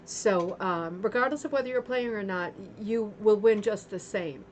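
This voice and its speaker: A chatty craft club host livestreams from her home, saying hello to viewers one after another while nursing a sore throat. She talks at a moderate pace in a mid-range voice, over a slight hiss or hum and the sound of a running fan.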